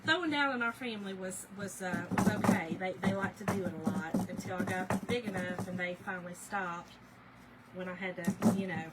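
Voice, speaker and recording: A woman's voice: mid-range voice, fairly quick. A middle-aged woman, telling a story on a live stream in a chatty, laughing way and talking to viewers as y'all. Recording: background noise with a hair dryer.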